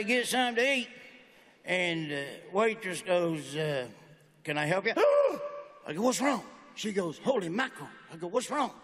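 Southern comic guy, high bright voice, big reverby hall, telling stories on stage. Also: a little hiss or hum. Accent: Southern American. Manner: drawling storyteller, acts out characters. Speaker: stand-up comedian. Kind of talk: stand-up routine. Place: large auditorium on stage. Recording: live hall reverb, faint ambience.

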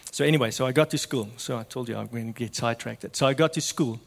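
A man preaching a sermon with passion, swinging from loud to hushed. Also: mid-range voice, fast talker, gravelly, big-room sound.

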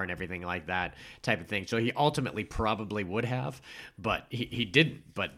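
A man's voice: fairly low pitch, animated, fairly quick, bright, forceful tone. A man in casual chat, recapping a movie plot and acting out its lines with swearing and laughter.

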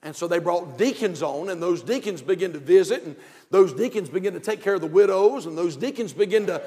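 A pastor from North Carolina with a Southern accent, preaching a fervent sermon with repeated phrases, swinging from quiet asides to shouts. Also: male voice, high voice, expressive, fairly quick, big-room sound. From North Carolina, USA.

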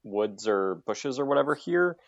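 A man's voice: mid-range voice, expressive, moderate pace, no room sound, lo-fi sound. A man playing a tabletop game, talking through tactics in a rambling way full of fillers. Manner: rambling, loaded with "like". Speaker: player.

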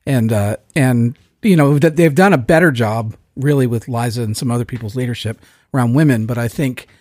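Middle-aged man, fast talker, earnest opinions, dry close sound. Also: medium pitch, darkish tone, no room sound. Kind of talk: casual panel discussion.

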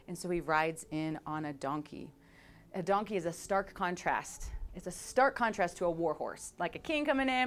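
Lively woman preaching a sermon. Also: mid-range voice, normal speed. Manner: animated, playful, acts out scenes with sound effects; conversational, direct address to congregation. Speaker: pastor.

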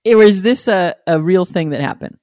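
A woman's voice: on the low side, expressive, normal speed, dark tone, dry recording, studio quality. A woman co-hosting a podcast in casual chat, teasing her friend and laughing often. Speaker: podcast co-host.

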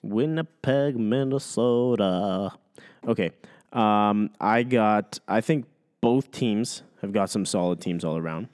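A man with a fairly low voice co-hosting a casual hockey chat. He is agreeable and easygoing, backing up his partner with quick yeahs and laying out his predictions in a relaxed, unhurried way. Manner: agreeable, easygoing, lots of backchannel. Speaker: hockey podcast co-host.

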